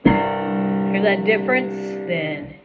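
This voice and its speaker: A woman's voice: mid-range voice, expressive, takes it slowly, narrow, tinny audio. A woman piano teacher giving a patient, chatty recorded lesson, singing the note names along as she plays. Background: piano playing.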